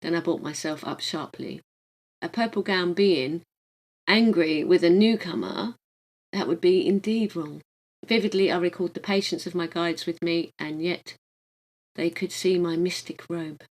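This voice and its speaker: Gentle woman reading an audiobook. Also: fairly low pitch, normal speed, poor audio. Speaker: audiobook reader. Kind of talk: reading a visionary book aloud.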